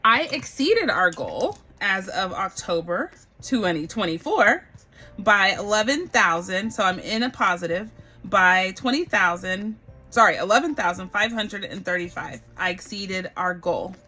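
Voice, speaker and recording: Chatty, bright-voiced woman vlogger. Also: mid-range voice, measured pace, soft background music. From Barbados. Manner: chatty and animated, addresses viewers as y'all. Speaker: budgeting vlogger. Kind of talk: casual chat to camera.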